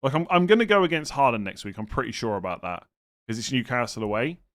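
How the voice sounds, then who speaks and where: Man, casual live-stream chat, thinks aloud, hesitant restarts, exasperated asides, mid pitch. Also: animated, fast, fairly bright tone. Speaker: fantasy football streamer answering chat.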